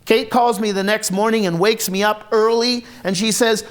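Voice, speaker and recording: A man's voice: sits high, steady tone, moderate pace. A man performing an autobiographical one-man stage monologue, wry, confessional and blunt, with frequent profanity. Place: theatre stage.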